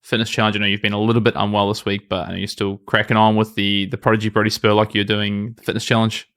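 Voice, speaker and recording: A man in his late twenties co-hosting a podcast in brisk, chatty, self-deprecating talk. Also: fairly low pitch, little pitch movement, a bit bright. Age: late 20s. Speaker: podcast co-host. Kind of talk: casual podcast chat.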